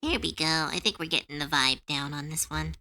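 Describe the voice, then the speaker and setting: A woman's voice: low-pitched, lively intonation, brisk, bright, forceful tone. A woman streamer chatting casually with her viewers, earnest and comforting, with lots of fillers and easy laughter. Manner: laughs easily when unsure.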